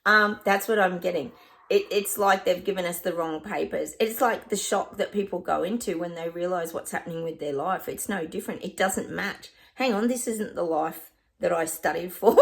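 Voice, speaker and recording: A woman with an Australian accent, talking casually to camera as a psychic. Her voice sits a little low, and she rambles along, restarting sentences and often breaking off with a laugh. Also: gravelly.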